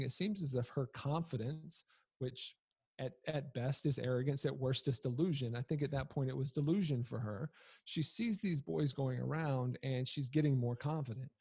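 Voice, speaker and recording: A man in his thirties recounts a family story with a husky voice. He talks loosely and conversationally, with fillers and self-corrections, and finds the humor in it. The sound is dry and close. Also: mid-range voice, normal speed, a little mellow, dry recording. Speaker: storyteller, father. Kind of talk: casual personal storytelling.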